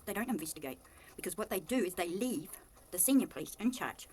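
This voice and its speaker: A woman with a New Zealand accent delivers a heated, accusatory monologue straight to camera. Her voice sits in an ordinary middle range and lurches between quiet, muttered stretches and sudden loud bursts. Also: expressive, fairly quick, slightly rough. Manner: agitated, accusatory, swings between low muttering and loud outbursts. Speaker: vlogger.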